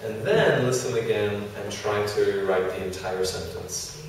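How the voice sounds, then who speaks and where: A man's voice: lowish voice, a little slow, creaky. Chatty male teacher in echoey classroom. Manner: relaxed, chatty explaining with self-deprecating asides. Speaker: English teacher. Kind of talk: classroom grammar lesson. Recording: echoey classroom from far off, faint noise.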